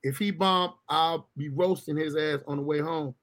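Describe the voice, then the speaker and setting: A man chats on a comedy podcast. His voice sits high and sounds bright and forceful. He swears freely and slips into little acted scenes as he talks. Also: steady tone, moderate pace. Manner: loud, profane, acts out scenes in funny voices. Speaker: podcast co-host. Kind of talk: casual comedic chat.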